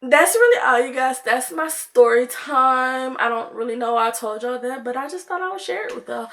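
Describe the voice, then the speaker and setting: A woman's voice: high-pitched, moderate pace, fairly bright tone. A young woman, chatting to viewers in a casual storytime vlog, full of "like" and "y'all". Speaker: vlogger.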